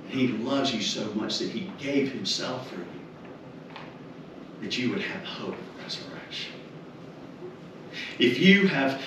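A man officiating a memorial service, preaching a funeral sermon in an earnest way and repeating rhetorical questions. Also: mid-range voice. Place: funeral home chapel. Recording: echoey chapel, mic far off, room noise.

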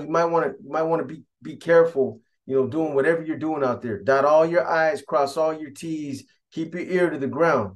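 A man telling a story in a loose, rambling street-talk way, padding his sentences and circling back to repeat himself. His voice sits a touch higher than most men's. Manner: loose and repetitive, street slang, frequent "you know". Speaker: storyteller recounting prison events. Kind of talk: casual spoken storytelling.

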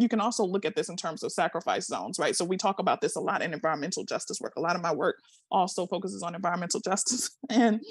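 A woman's voice: medium pitch, breathy edge, dry recording, studio quality. A middle-aged woman giving a passionate seminar talk over a video call, emphatic and full of rhetorical questions. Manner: emphatic, repeats words, asks rhetorical questions. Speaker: seminar speaker.

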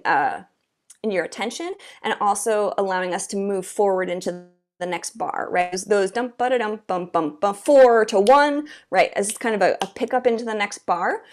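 Woman oboe teacher, mid pitch, chatty, sings rhythms between tips. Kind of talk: instrument masterclass explanation. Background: oboe playing.

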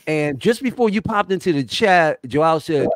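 Animated enthusiastic man chatting. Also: on the high side, normal speed, dry recording, studio quality. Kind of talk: casual livestream chat.

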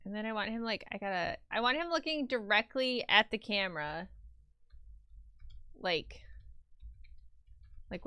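A woman streaming casually as she draws, excitable and swearing while chatting with viewers. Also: medium pitch, takes it slowly, long pauses, clean tone, no room sound. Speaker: live-streaming artist.

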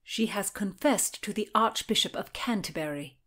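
A woman's voice: medium pitch, moderate pace, a bit bright, voice pushed up, lightly acted. A woman voicing a loyal, exasperated Tudor lady-in-waiting who speaks firmly and impatiently. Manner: firm and impatient.

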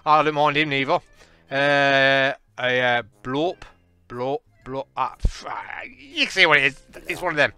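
A man, casually and excitably commentating a game, joking and laughing at his own jokes. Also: medium pitch, a little slow, clean tone, soft background music. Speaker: gaming channel host.

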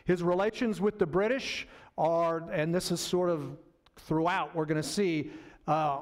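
A man's voice: a little high, steady tone, normal speed. A middle-aged man giving a history lecture in a loose, conversational way, with fillers and asides to the audience. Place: lecture hall.

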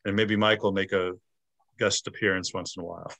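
Man, low voice, dry sound, casual moderator, halting with fillers, video call. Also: steady tone, vocal fry, fairly bright tone, dry recording. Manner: hesitant, with frequent fillers and restarts. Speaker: meeting moderator.

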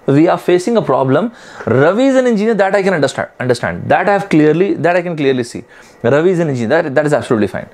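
Lively teacher, animated pitch. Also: male voice. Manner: repetitive, asks and answers students' questions himself. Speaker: exam prep teacher. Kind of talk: online lecture.

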